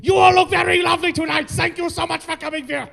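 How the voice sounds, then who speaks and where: A man putting on a loud, clipped, aggressive-sounding German man for laughs. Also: very high-pitched, steady tone, fast talker, creaky, voice pushed up, full character voice. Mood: barking. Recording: echoey hall from far off.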